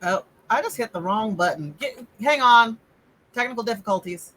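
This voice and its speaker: A woman running a tabletop role-playing game as game master, animated and teasing, laughing often. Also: fairly high pitch, normal speed, poor audio. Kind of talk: casual tabletop game narration.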